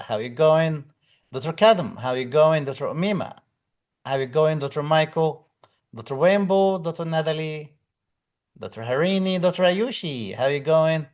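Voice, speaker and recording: A man teaching exam prep on a live stream, chatting casually, greeting viewers by name and reading out their comments in loosely phrased English. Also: fairly high pitch. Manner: non-native English phrasing with fillers.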